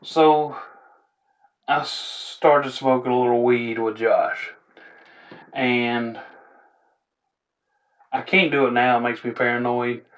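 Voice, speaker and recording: A young man, telling funny stories in a rambling, laid-back way with chuckling asides. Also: mid-range voice. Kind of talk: casual storytelling.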